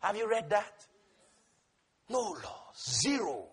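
A man preaching a sermon with passion, swinging between loud shouted refrains and soft low asides, laughing and repeating key words. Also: sing-song, takes it slowly, slightly rough.

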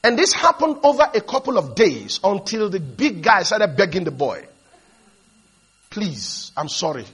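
High-voiced, impassioned male preacher. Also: big pitch swings, normal speed, hardly any pauses, slightly rough. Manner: exhorting, leads the congregation to repeat lines; storytelling, builds to shouted emphasis. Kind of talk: sermon with call-and-response.

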